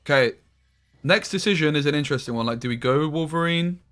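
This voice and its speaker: A man giving casual gameplay commentary on a stream, swearing freely and quick to get frustrated. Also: on the high side, a bit bright.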